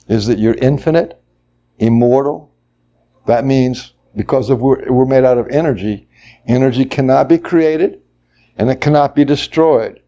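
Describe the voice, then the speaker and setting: In a workshop room, a man with a warm, medium-pitched voice teaches the group. He explains things slowly, step by step, then acts out example voices.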